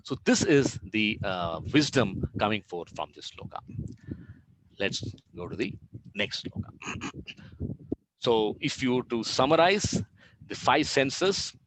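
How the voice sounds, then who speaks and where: A man's voice: medium pitch, animated, slow, long pauses, background noise. A man teaching a devotional scripture lesson, explaining verses and telling stories. He asks questions and then answers them, using Sanskrit terms.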